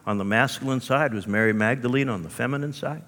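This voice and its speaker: A male pastor preaching a sermon with animated storytelling and rhetorical asides, in a church hall. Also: mid-range voice, fast. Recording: long hall reverb.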